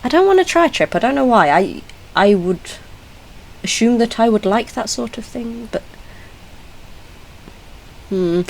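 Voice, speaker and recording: A woman's voice: a little high, animated, measured pace, vocal fry, long pauses, a little hiss or hum, poor audio. A British woman giving casual reaction commentary as a YouTuber, chatty and blunt, laughing often and correcting herself mid-sentence. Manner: chatty, blunt and giggly, with frequent self-corrections.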